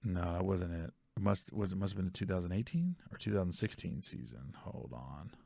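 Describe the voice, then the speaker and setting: A man's voice: low-pitched, expressive, brisk, gravelly, darkish tone. A male podcast host telling a casual, rambling story, often stopping to correct himself and check facts aloud.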